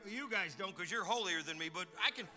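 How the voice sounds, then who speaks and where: High bright pastor preaching. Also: male voice, fairly quick, soft background music. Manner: folksy, animated and joking, with repeated word restarts. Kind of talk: sermon.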